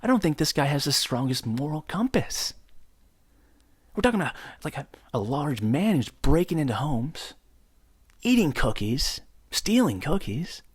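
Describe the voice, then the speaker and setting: A man's voice: a little high, very animated, measured pace, slightly rough, no room sound. A young man hosting his own podcast in a joking, rambling rant, mock-outraged, close to the mic. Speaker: podcast host. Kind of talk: solo comedic podcast rant.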